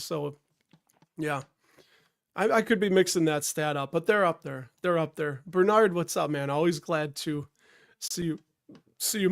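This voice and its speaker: A man from the Chicago area talks through a live stream while getting over a cold. His voice sits somewhat high, and his chat wanders, full of restarts and asides to the chat. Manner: rambling, self-interrupting, greets chatters. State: stuffed up from a cold.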